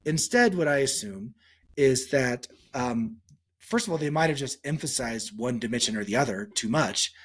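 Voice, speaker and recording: A male psychologist answering interview questions on a podcast, telling stories and acting out quotes with sudden pitch jumps. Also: normal speed, slightly rough. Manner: animated storytelling, acts out quotes with pitch jumps. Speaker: psychologist guest.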